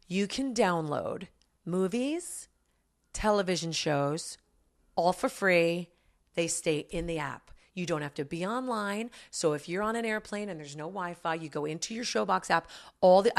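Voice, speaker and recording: Gushing woman co-host, chatty. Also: on the low side. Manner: gushing, enthusiastic, emphatic. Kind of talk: casual podcast chat.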